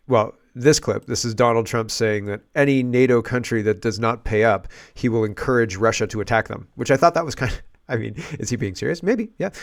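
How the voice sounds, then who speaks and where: A man's voice: mid-range voice, clear, resonant tone. A man from Canada hosting a casual political commentary show, chatty and digressive, thinking aloud as he talks.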